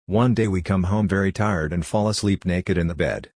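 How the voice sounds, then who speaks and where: A man slowly reading his own literary fiction aloud in a deadpan, fragmented recitation. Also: sits low, no echo, clean studio sound.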